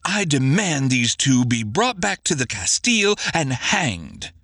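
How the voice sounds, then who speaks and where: A man's voice: huge pitch swings, measured pace, fairly bright tone, slightly rough, dry recording, clean studio sound, heavily acted. A man voicing a vengeful male soldier who seethes and shrieks in an audiobook. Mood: seething. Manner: seething, high-strung. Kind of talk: audiobook character voice.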